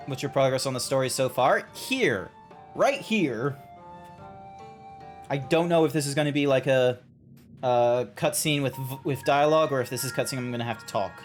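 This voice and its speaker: A man's voice: medium pitch, moderate pace, soft background music. Young Australian man, loose chatty streamer who rambles, restarts and swears, mid-range voice. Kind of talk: casual game-stream chat.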